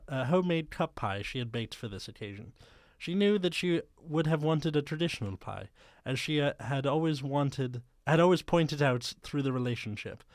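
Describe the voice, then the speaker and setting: A man's voice: fairly high pitch, dry recording, clean studio sound. Man stumbling through a comic reading. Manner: stumbling, laughing reader. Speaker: podcast host reading fan fiction aloud. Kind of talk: comedic dramatic reading with banter.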